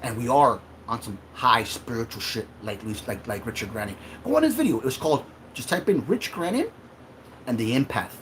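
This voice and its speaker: A man's voice: mid-range voice, sing-song, a little fast, fairly bright tone, slight background noise. Agitated man ranting on a livestream. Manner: emotional, profane, confrontational. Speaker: livestream host. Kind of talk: heated livestream rant.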